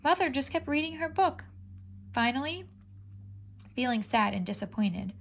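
Expressive woman reading a kids' book. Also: high-pitched, normal speed, a little hiss or hum. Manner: animated, expressive storytelling. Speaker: storybook reader. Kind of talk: reading a children's chapter book aloud.

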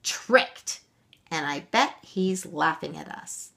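A woman voicing a keen, excited young boy in a read-aloud storybook. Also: sits low, takes it slowly, creaky, full character voice.

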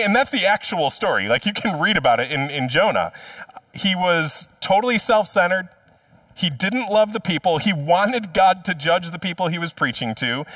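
A male pastor delivers a sermon in a relaxed, humorous storytelling way, with a slightly higher voice. He sounds set back from the mic, and the recording is dry with no room ring. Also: normal speed, no echo, recorded from a distance.

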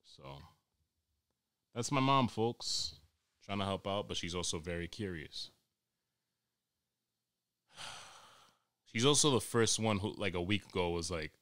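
A man hosting a podcast as a crude, excitable comic monologue full of swearing. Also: low-pitched, unhurried, long pauses, clean tone, dry recording, clean studio sound. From New York. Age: 20s. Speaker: podcast host.

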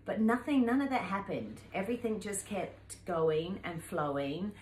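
Animated fifty-something woman telling a travel story. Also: mid-range voice, measured pace. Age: 50s. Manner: animated, laughing, acts out voices in her stories. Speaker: travel vlogger. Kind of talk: casual storytelling to camera. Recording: echoey room with faint ambient noise.

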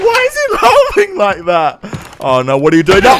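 A young man giving excitable gameplay commentary, yelling, laughing and reacting loudly. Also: sits high, brisk, hardly any pauses, very noisy. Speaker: gaming commentator. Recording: game music and sounds behind.

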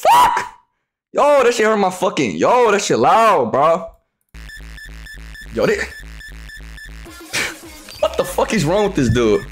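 A young man live streaming, loudly talking to his chat with profane, hyped trash talk and frequent shouting. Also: high voice, very animated, slow, pauses often, soft background music.

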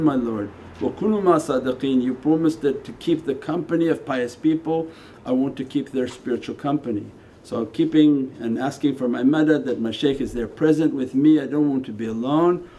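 A man gives a spiritual lecture as a Sufi teacher at a meditation center, his mid-range voice mellow, unhurried, and conversational. He sets quiet asides against emphatic lines, and a faint hiss sits beneath the recording.

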